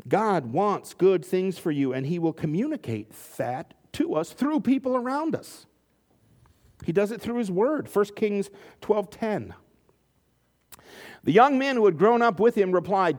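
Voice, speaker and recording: A man's voice: high-pitched, very animated, unhurried, long pauses, a little mellow. A man preaching a sermon, reading scripture and acting out the quotes with joking asides. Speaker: pastor.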